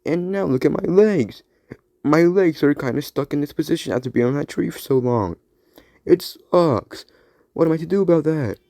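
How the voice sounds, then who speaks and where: A man plays a grumpy futuristic Spider-Man toy, complaining in a raised, whiny tone. The delivery swings in pitch and sits mellow on a dry mic. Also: animated, moderate pace, no echo.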